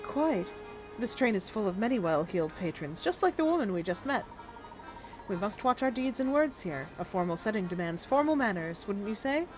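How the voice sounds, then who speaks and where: A woman voicing a courteous middle-aged gentleman professor who talks in a formal, measured way. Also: mid-range voice, very animated, music in the background, voice pushed down, close to an everyday voice, poor audio.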